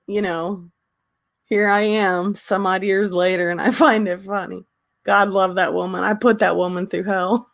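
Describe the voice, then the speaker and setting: A woman hosting a casual livestream, talking slowly with many pauses and ums and often laughing. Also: mid-range voice, fairly bright tone, no room sound. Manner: slow, halting talk with frequent ums and laughter. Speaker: livestream host.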